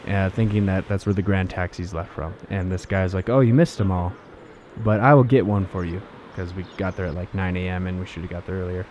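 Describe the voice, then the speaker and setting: A man's voice: low-pitched, warm tone, lo-fi sound, slight background noise. A man casually recounting his travels as a vlogger, rambling with fillers and restarts. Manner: rambling, laid-back, many fillers and restarts.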